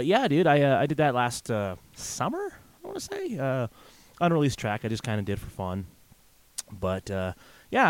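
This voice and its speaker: A man's voice: mid-range voice, clean tone, dry recording. A man hosting a podcast alone at a microphone, telling a long story in a casual, rambling way, full of "uh" fillers and restarts. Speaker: podcast host. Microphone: desk microphone.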